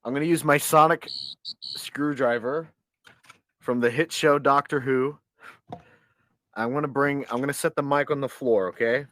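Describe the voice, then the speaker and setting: Another couch-side podcast moment: the male co-host jokes around casually and urges his dog toward the mic. His voice is medium in pitch and a bit bright.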